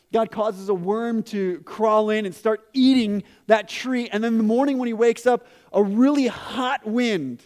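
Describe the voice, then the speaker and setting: A man with a bright, high voice preaches a sermon, addressing the kids in the room too. He tells the story with lively energy and acts out each quoted line. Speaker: pastor. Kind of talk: sermon to a congregation with children.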